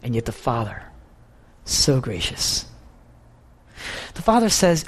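Lively preacher man telling a story. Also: mid-range voice, slow, long pauses, breathy edge. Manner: animated storytelling, repeating phrases for emphasis. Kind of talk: sermon.

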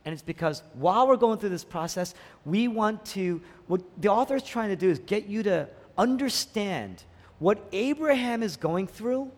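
Animated preaching man in an echoing hall. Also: high-pitched. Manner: emphatic, repeats key phrases, swings from hushed to raised. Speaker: pastor. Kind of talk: sermon. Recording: long reverb of a large hall.

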